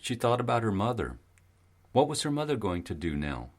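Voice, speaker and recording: A man narrating an audiobook in a steady, even storytelling manner. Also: fairly low pitch, a little fast. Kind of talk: scripted narration.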